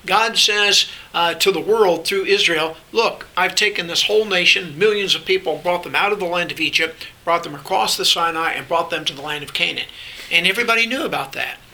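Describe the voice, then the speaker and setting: An older man with a high, very bright voice walks through scripture in a relaxed sermon style. He explains things conversationally, with restarts along the way, over a faint hiss. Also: a little fast, rough recording. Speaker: Bible teacher. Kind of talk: sermon-style Bible teaching.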